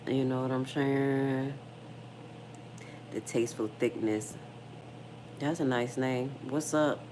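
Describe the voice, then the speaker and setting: A middle-aged woman with a bass voice hosts a casual livestream, speaking slowly in a steady tone over background noise. She's frank and slangy, talking directly to viewers and reading out their comments.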